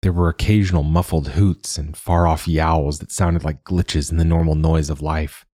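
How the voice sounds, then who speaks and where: Deep husky male audiobook narrator. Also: fairly even intonation, moderate pace, dark tone, no echo, clean studio sound.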